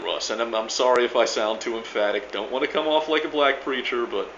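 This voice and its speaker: A man's voice: mid-range voice, steady tone, brisk, few pauses, fairly bright tone. A man making a casual video reply, rambling and emphatic, with many stammered restarts and frequent swearing. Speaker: video blogger replying to another creator. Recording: dull lo-fi sound with faint background noise.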